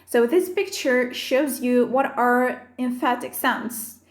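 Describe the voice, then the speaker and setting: Female language teacher, high voice, careful measured delivery, roomy echo. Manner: slow, careful listing of sounds and terms. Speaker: Arabic teacher. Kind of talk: explaining phonetics with slides.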